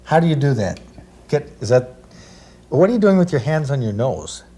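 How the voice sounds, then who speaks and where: A man hosting an outdoor show, asking curious, casual questions in a lively manner. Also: mid-range voice, normal speed, heavy background noise.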